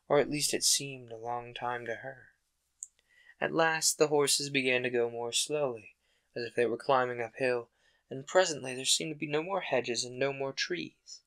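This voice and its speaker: A man host reading a classic children's book aloud in a calm, steady narration. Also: medium pitch. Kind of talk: audiobook-style narration.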